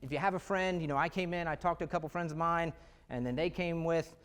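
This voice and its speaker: A man giving an energetic, conversational presentation to real estate agents, full of rhetorical questions. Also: fairly high pitch, fast talker, clear, resonant tone. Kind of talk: live sales presentation.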